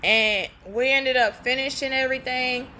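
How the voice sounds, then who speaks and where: Speaking at a moderate pace in a high-pitched voice, a young woman relays a story for her storytime vlog, casual, profane and blunt, performing the dialogue as she quotes it. There's slight background noise.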